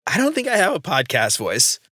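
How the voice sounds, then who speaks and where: A man's voice: a little high, wildly swooping pitch, a little fast, sharp tone, dry recording, clean studio sound. A man in his thirties hosting a podcast in casual, joking chat, laughing often. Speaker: podcast host.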